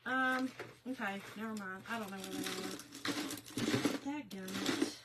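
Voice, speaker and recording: A woman's voice: medium pitch, a little slow, very noisy. A woman chatting casually with her viewers while she crafts on a livestream, laughing often.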